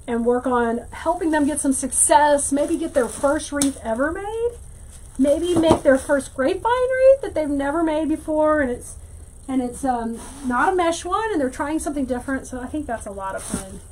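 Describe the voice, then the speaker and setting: A woman hosting a casual crafting livestream, chatting warmly to viewers and greeting them by name as she works. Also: high voice, animated, moderate pace, a little hiss or hum, poor audio. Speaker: livestream host teaching wreath making.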